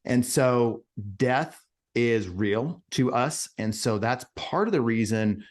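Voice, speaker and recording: A man's voice: medium pitch, animated, slow pace. A man hosting a business podcast, speaking in an earnest, reflective way and giving brief affirmations. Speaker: podcast host. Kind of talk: casual conversational interview.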